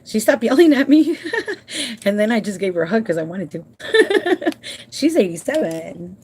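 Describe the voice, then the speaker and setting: A woman's voice: mid-range voice, big pitch swings, darkish tone, husky. Heartfelt woman talking to her viewers. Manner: emotional and heartfelt, addresses viewers as "you guys"; halting with repeated restarts when upset. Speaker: home care provider and vlogger. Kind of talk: casual talk to viewers. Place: at home.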